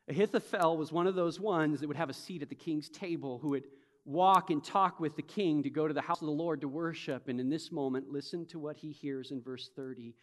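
A pastor delivers an emphatic sermon, moving from soft reflection to loud, urgent bursts and acting out imagined speakers. His voice is a little high and a little fast, and the recording carries a long hall reverb.

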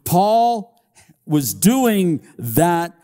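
A man's voice: high-pitched, very animated, extremely slow, dark tone, long reverb tail. An older man preaching a sermon, with emphatic rises, sing-song stresses and repeated words. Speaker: pastor.

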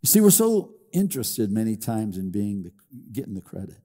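A man's voice: on the low side, big pitch swings, a little fast, warm tone. Older preacher man in a reverberant hall. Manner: preaching with emphatic rises and sing-song stresses, doubling words. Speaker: pastor. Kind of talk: sermon.

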